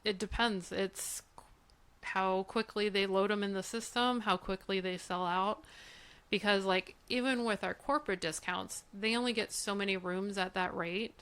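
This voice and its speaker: A woman's voice: medium pitch, moderate pace, clear, resonant tone. A woman co-hosting a podcast, chatting casually and laughing easily while explaining hotel and car bookings. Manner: relaxed, laughs often, explains from her booking job. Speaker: podcast co-host. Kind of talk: casual chat.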